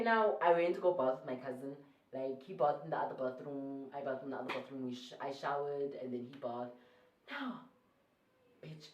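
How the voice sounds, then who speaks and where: A South African woman telling a casual storytime, rambling and excitable, often correcting herself mid-sentence. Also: deep voice, recorded from a distance, slight background noise. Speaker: YouTuber. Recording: echoey room, voice away from the mic.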